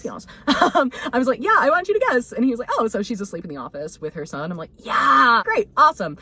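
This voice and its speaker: A woman's voice: on the high side, fast talker, husky. A young woman co-hosting a casual chat, telling a workplace story with acted-out quotes and laughter. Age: young adult. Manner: animated, acts out quotes with laughter. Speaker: podcast co-host.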